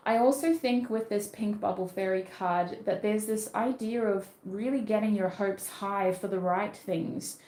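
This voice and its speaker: A woman's voice: medium pitch, a little slow, few pauses, dark tone, echoey room. A woman with an Australian accent giving a casual tarot reading. She talks in a chatty way and thinks aloud, with fillers and restarts. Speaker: tarot reader.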